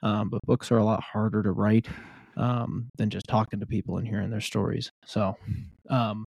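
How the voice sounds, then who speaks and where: Gravelly, mellow-voiced man chatting. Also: fairly low pitch, level tone, normal speed, no room sound. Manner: rambling storyteller, many ums. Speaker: podcast co-host. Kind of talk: casual podcast chat.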